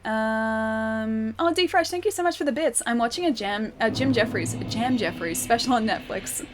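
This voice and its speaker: A woman's voice: on the high side, lively intonation, normal speed. Chatty Australian woman streaming a game. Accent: Australian city accent. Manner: chatty and giggly, reads chat aloud. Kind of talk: casual livestream commentary. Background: game music.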